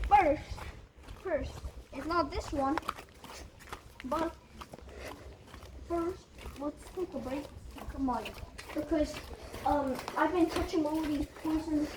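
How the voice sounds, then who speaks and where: A woman playing a brash, bumbling Australian male nature explorer in a comic mock nature show, in an Australian accent, stumbling over words and calling everyone "mate". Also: high voice. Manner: says "mate" constantly, stumbling restarts, boastful. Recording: loud background noise.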